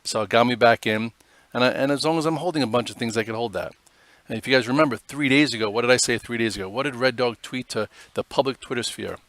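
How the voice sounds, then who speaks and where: A man's voice: mid-range voice, fast, a bit bright, no room sound. A man hosting a live stock trading show, giving casual, rambling commentary on charts with many fillers.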